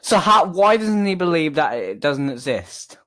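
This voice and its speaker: A man's voice: on the high side, very animated, a little slow, fairly bright tone. A man hosting a reaction video, answering clips with exasperated, incredulous rebuttals. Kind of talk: reaction commentary.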